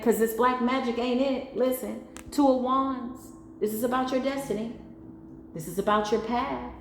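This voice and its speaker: A woman's voice: medium pitch, a little mellow, a little hiss or hum. A woman with a mixed Spanglish accent giving a spiritual tarot reading, emphatic and slangy, talking straight to her viewers. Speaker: tarot reader. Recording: echoey room with faint ambience.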